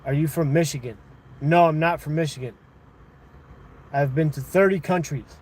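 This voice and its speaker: A man hosting a livestream, casually chatting and arguing with viewers in chat, thinking out loud. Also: fairly high pitch, moderate pace, slightly rough. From United States. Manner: conversational, argumentative with chat, thinking aloud. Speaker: livestream host.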